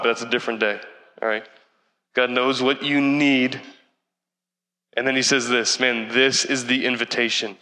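A man preaching in an earnest, conversational way, with casual slang mixed in. His voice is bright and forceful, and his pitch stays fairly flat. The sound carries a long reverb, as in a big hall. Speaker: pastor. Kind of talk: sermon.

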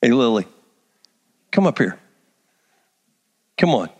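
A man preaching a sermon to a large church congregation, animated and conversational, calling people up to the stage. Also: mid-range voice, slow, big-room sound. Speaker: pastor.

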